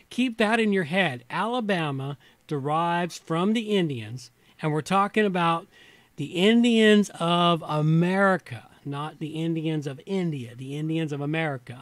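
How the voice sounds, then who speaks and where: In a dry recording, a man with a slightly high voice hosts a casual stream after a drink or two. He reads from an aging reference book and keeps interrupting himself with mumbled, wandering asides between the read sections.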